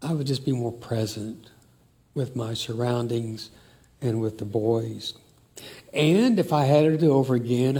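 Slow, mellow-voiced older man. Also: medium pitch. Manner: slow, warm, emotional storytelling. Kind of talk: reflective family talk.

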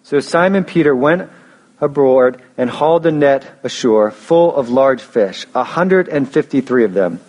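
A man's voice: medium pitch, expressive, a little slow, a little mellow. A young man preaching a sermon in a casual storytelling way, often restarting phrases and adding fillers. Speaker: pastor.

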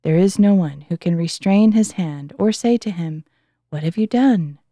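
A proud ancient king, brought low and now humbled, speaks in a scripture reading, voiced by a woman. The tone is low and mellow, earnest and measured. The recording is close and dry. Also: dry recording. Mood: reverent.

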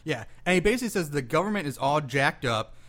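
A man's voice: a little high, very animated, quick pace, a bit bright. A man co-hosting a casual movie recap chat, talking through the plot in a wry, exasperated way. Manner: conversational storyteller, wry and exasperated about the plot. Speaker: podcast co-host.

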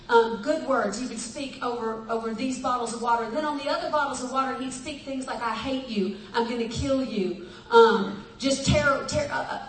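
A woman's voice: high voice, far from the mic, slight background noise. A woman pastor preaching a sermon in a folksy, storytelling way, often laughing, with the congregation answering her. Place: church hall. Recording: echoey church hall from afar. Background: congregation responses.

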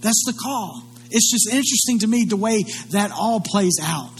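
A man's voice: high-pitched, expressive, moderate pace, soft background music. A male pastor preaching a sermon in an earnest, conversational way. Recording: long hall reverb, faint hum.

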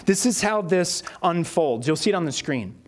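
A male pastor, delivering a sermon. His voice sits a little higher than most men's. He tells stories and acts out the quotes along the way. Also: animated, moderate pace, a little hiss or hum. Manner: storytelling with acted-out quotes.

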